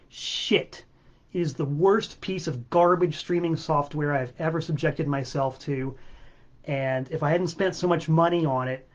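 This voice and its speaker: A man's voice: a little high, dull audio. A man hosting his own music livestream from a home studio, ranting with exasperated, sarcastic swearing. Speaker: host of a music livestream show. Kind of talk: livestream rant. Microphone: webcam mic.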